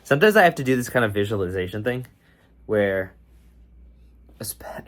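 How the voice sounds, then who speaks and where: A man vlogging in a casual, rambling way, joking with viewers and talking himself into being productive. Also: on the low side. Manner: rambling, joking, self-motivating. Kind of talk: casual self-talk vlog.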